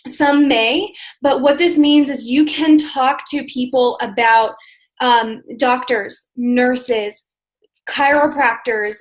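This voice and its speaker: A woman who is a registered nurse, hosting a team call's news segment with energy, stressing key words slowly and emphatically. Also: sits high, rough recording.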